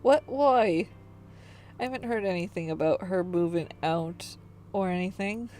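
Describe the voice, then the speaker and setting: A woman's voice: lowish voice, measured pace, darkish tone, faint music behind, close to an everyday voice. A woman voicing a nervous young adult apartment caretaker who stammers and rambles.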